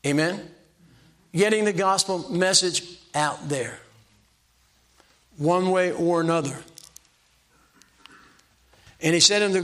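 A man's voice: high voice, takes it slowly, long pauses, fairly bright tone. An older man preaching a sermon from the pulpit in a folksy, self-deprecating way, repeating his exhortations. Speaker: pastor.

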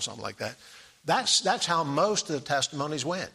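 A man's voice: mid-range voice, sing-song, moderate pace, vocal fry, pushed and bright. A middle-aged man preaching a sermon in an easygoing, conversational way, reading scripture aloud.

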